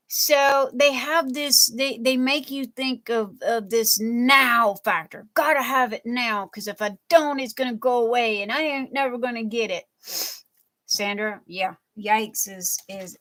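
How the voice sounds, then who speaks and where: A woman with a fairly bright, on-the-high-side voice streams her crafting live from home. She laughs frequently while playfully chatting and going through comments from her viewers.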